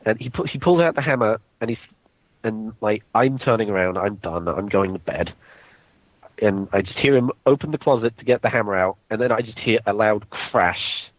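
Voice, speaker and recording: A man's voice: on the low side, no room sound. A young man casually telling a story to friends, laid-back and swearing freely. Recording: dull lo-fi recording.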